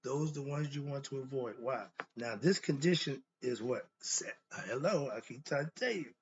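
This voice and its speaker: A man's voice: mid-range voice, animated, normal speed. Blunt man teaching with rhetorical questions. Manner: poses rhetorical questions and answers them himself; emphatic, blunt and conversational. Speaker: philosophy teacher. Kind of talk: informal lecture. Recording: dull lo-fi sound with faint noise.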